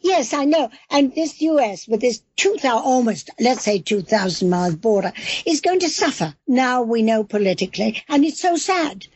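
Husky English-accented woman, enthusiastic. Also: a little high, very animated, normal speed, a little mellow, no room sound. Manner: enthusiastic, emphatic, rambling. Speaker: cookbook author guest. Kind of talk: interview on a call-in show. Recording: dull, lo-fi sound.

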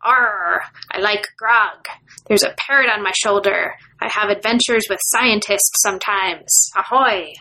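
A woman's voice: mid-range voice, a little slow, bright, forceful tone, low-quality recording. A woman playing a hammy pirate. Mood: jolly.

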